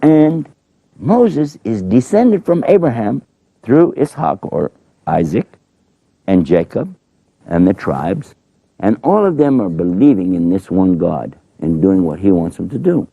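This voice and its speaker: Low gravelly guy telling stories to kids, dark voice, lively ups and downs. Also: measured pace, no echo, narrow, tinny audio. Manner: animated, folksy, playful. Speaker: storyteller. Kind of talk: storytelling for children.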